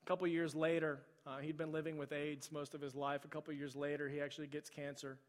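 A middle-aged male pastor preaching a sermon. He tells a story, then pleads softly with repeated phrases. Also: a little high, flat delivery, quick pace. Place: large church sanctuary. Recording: long hall reverb.

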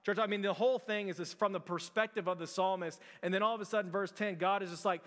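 A man's voice: high voice, steady tone, fast, hardly any pauses, a bit bright, long reverb tail. A male pastor preaching a conversational sermon, with frequent restarts and fillers.

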